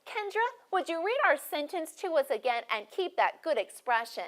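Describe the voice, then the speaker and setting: A woman teaching a first grade class, speaking clearly and encouragingly to students watching on video. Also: high-pitched, sing-song. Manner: clear, encouraging, deliberately paced teacher talk.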